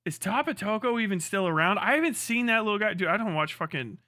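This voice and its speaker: Excitable, high-voiced male streamer. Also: no room sound, studio quality. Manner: animated, profane, quick to laugh, mimics voices. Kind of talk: casual livestream rant.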